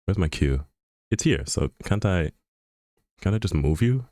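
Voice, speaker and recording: A man's voice: low voice, lively intonation, a little slow, mellow, no echo, clean studio sound. A man chatting on a live stream in a rambling, joking way, full of fillers and restarts, often laughing. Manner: laughs often while talking. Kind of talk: casual chat on a live stream.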